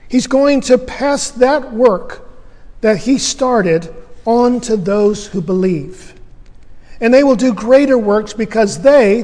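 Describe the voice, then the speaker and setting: A man's voice: sits high, a little mellow, big-room sound. A man preaching a sermon as pastor, earnest and emphatic, asking rhetorical questions.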